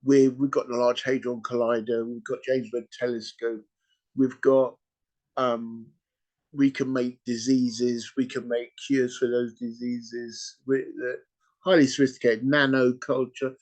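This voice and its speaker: A man hosting a podcast, retelling a story in casual chat, animated and peppered with "you know" and "right?". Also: mid-range voice, unhurried. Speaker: podcast host.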